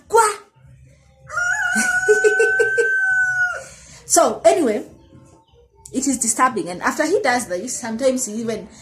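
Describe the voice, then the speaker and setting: Speaking openly to the camera, a thirtysomething woman shares a reflective, confessional vlog and keeps correcting herself partway through sentences. Her voice is slightly high, captured on a low-quality recording.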